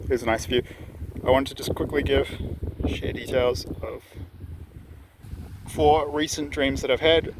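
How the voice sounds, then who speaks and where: A man's voice: medium pitch, steady tone, unhurried, long pauses. A man vlogging outdoors, talking casually and rambling with many restarts and asides. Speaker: vlogger sharing dreams. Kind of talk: casual outdoor vlog monologue. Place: outdoors on a windy hillside. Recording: wind noise on the mic. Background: wind.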